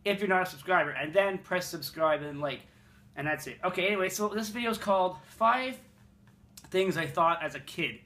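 In a high-pitched voice that sounds pushed and bright, a young Montrealer rambles, swears and pokes fun at himself while recounting funny childhood moments in a casual vlog. He speaks at a moderate pace, and his apartment room is echoey.

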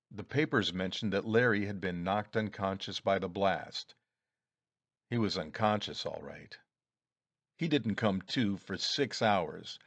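A man reading a first-person story aloud in a measured, deliberate way. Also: lowish voice, dry recording. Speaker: audiobook reader.

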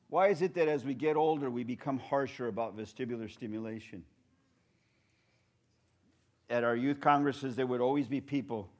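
A man preaching a sermon as a pastor, telling stories with humor and building to loud, shouted points. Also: mid-range voice. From Portland, United States. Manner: storytelling, humorous, rising to shouts.

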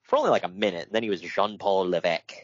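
A man's voice: low voice, racing, dry recording, muffled recording. A man co-hosting a casual podcast, reading from his notes and riffing on them with wry asides and frequent laughter. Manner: wry, laughs often, reads notes then riffs. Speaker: podcast co-host.

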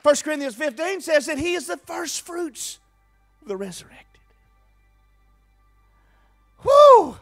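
A male pastor preaching an Easter sermon in a church, fervent and emphatic, swinging from quiet asides to shouted exclamations. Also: very high-pitched, animated, moderate pace, faint music behind, some chatter behind. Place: church sanctuary.

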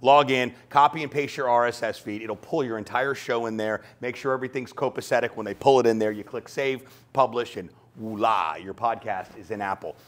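A man teaching podcasting to an audience, talking fast and lively and acting out little exchanges. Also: medium pitch. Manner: fast, animated, acts out quoted exchanges. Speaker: podcast coach. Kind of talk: energetic talk to an audience.

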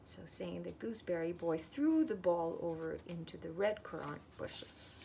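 A woman gently reads a children's picture book aloud, with a touch of gravel in her voice. A faint background noise sits under her. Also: lowish voice, normal speed. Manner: gentle, expressive read-aloud. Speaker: storyteller.

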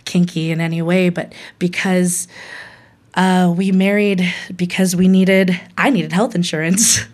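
A young woman from Hawaii telling a candid personal story, laughing often and acting out what others said. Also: fairly low pitch. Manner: candid, laughs often, quotes people with voices.

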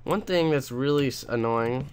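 This is a clean recording of a young man's mid-range voice with a darkish tone at normal speed. As a let's play host commenting on his gameplay, he rambles, rants, and gets sarcastic, often starting his thoughts over.

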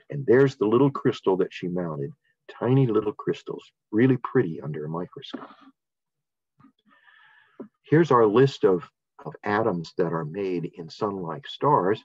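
A man's voice: sits low, a little mellow, slightly rough, no echo. An older man presenting a science lesson in an enthusiastic, casual manner, with fillers and restarts. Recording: dull, dry lo-fi sound.

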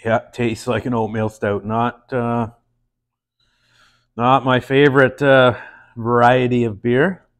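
A man's voice: medium pitch, level tone, slow pace, long pauses. A man hosting a casual beer-tasting show, trying a stout and telling a joke, laid-back and full of fillers and puns.

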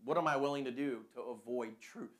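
A man's voice: mid-range voice, brisk. A man preaching a conversational sermon full of rhetorical questions.

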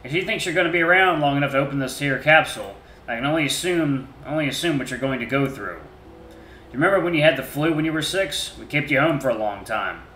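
Guy reading as a folksy proud dad, fatherly and plain-spoken, bright voice, echoey room with a little hiss. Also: on the high side, lively intonation, fast. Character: proud warm-hearted middle-aged father.

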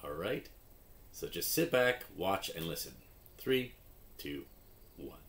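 A man teaching English through a phonics lesson, speaking with an expressive, exaggerated rise and fall. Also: deep voice, slow, long pauses.

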